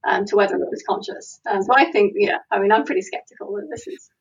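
A woman talking through ideas in a lively academic discussion, often laughing and acting out imagined replies. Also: medium pitch, fast, husky, distant mic, muffled recording. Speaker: philosophy panelist.

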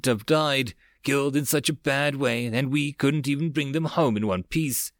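A man's voice: normal speed, dry recording, studio quality, close to an everyday voice. A man voicing a weary starship captain. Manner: tired and low-key.

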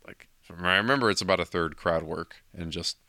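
A man's voice: deep voice, a little fast, sharp tone, no room sound, studio quality. A man co-hosting a podcast in casual chat, talking hesitantly with lots of fillers. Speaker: podcast co-host.

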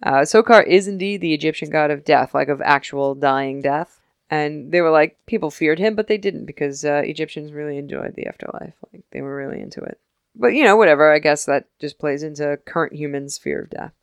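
Low-voiced woman, animated podcast chat. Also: clean tone, no room sound. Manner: animated, acts out characters in quick voices, laughs often. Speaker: podcast co-host recapping a TV episode. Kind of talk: casual chat.

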